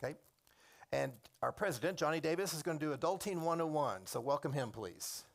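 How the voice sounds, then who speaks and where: A man's voice: a little high, lively intonation, brisk, vocal fry. A middle-aged man, a program coordinator and former teacher, giving a chatty, digressive classroom orientation and calling on students by name.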